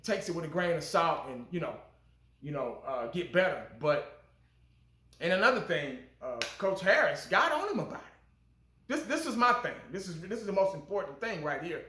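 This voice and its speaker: A man's voice: on the high side, big pitch swings, normal speed, pushed and bright, reverberant. A man giving blunt, profane, fired-up fan commentary as a channel host.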